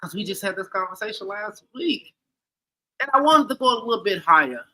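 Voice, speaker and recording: High-voiced guy co-hosting, super bright sharp tone, rambling and playful. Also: big pitch swings, fairly quick, low-quality recording. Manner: repeats "like I said", playful. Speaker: podcast co-host giving grades. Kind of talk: casual sports chat.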